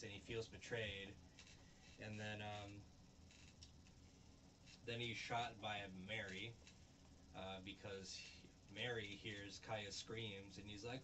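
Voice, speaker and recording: A man with a fairly low voice rambles through a recap of a show. He is loose and profane and acts out bits of dialogue. Faint hiss sits behind him. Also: little pitch movement, slow, long pauses, pushed and bright. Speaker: show reviewer and host.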